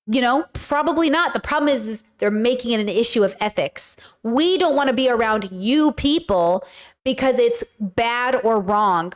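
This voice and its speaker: A woman streaming casual commentary, talking bluntly and with profanity as she tells stories with animation. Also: a little high.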